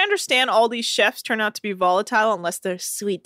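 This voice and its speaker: A woman's voice: fairly high pitch, fairly quick, pushed and bright, dry recording, studio quality. A woman co-hosting a podcast, chatting animatedly and acting out what people said. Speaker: podcast co-host. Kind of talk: casual chat recapping a reality show.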